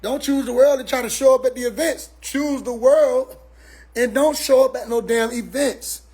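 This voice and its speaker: A man speaking in a casual, animated monologue on his own stream, repeating words as he restarts his sentences. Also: extremely high pitch, moderate pace, husky.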